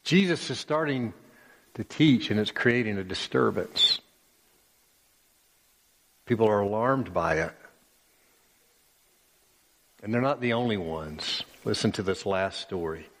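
A man preaches with slow, deliberate emphasis, his voice sitting on the low side. He tells the scripture story dramatically, leaning into key words. A long reverb rings around him in a church sanctuary. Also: fairly bright tone. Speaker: pastor. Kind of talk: sermon.

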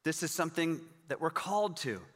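A man's voice: a little high, lively intonation, brisk, fairly bright tone, in a large hall. A pastor in his forties preaching a sermon in a conversational, storytelling way, with emphatic rises in his voice.

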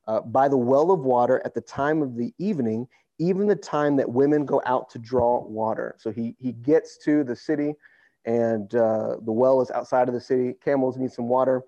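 A man's voice: mid-range voice, normal speed, dry recording, dull audio. Laid-back man preaching a casual sermon. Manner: relaxed and conversational, acts out quotes in slang. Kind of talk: casual sermon with scripture reading.

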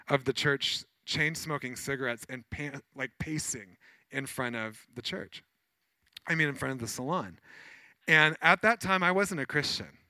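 A man, a pastor, preaching a sermon in a conversational, animated way with many fillers as he tells personal stories. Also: mid-range voice, no echo.

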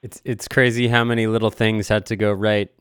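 Smooth low-voiced male podcast host. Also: flat delivery, fairly quick, fairly bright tone, no room sound, studio quality. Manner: supportive, short interjections. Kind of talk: interviewing, brief reactions.

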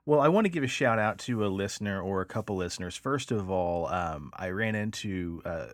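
Male podcast host, low-pitched and dry, animated storyteller. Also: a little fast, no room sound. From El Dorado. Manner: lively storyteller, acts out quoted lines. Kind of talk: casual chat.

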